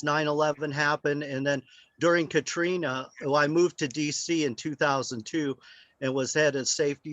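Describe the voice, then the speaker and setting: A man's voice: on the high side, fairly bright tone, no echo, lo-fi sound. An older man speaking as a guest, telling rambling anecdotes. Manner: rambling, anecdotal, with many fillers. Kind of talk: storytelling.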